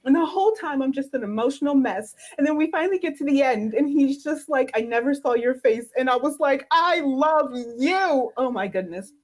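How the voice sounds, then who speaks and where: Woman co-host, husky and fairly high, emotional fan chat over a video call. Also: expressive, quick pace, hardly any pauses, a little mellow. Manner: gushing, emotional, laughing often. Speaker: podcast co-host. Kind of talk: excited fan stream chat.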